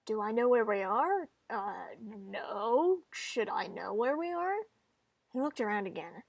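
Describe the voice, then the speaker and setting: A forgetful, bewildered young man, as a woman puts him on in a visual novel, asking uncertain questions. Fairly high voice, recorded close and dry. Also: expressive, a little slow, gravelly, no echo, exaggerated voice. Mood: puzzled.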